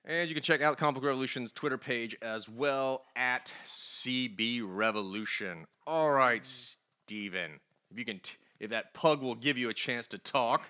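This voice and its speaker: A man's voice: mid-range voice, moderate pace, sharp tone. A man hosting a casual comics news podcast, upbeat and chatty, laughing often. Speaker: podcast host.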